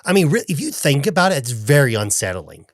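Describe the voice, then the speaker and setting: A man's voice: medium pitch, sing-song, a little fast, no room sound, clean studio sound. A man co-hosting a podcast, recapping a film in rambling casual chat and acting out quotes in a raised voice. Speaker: podcast co-host.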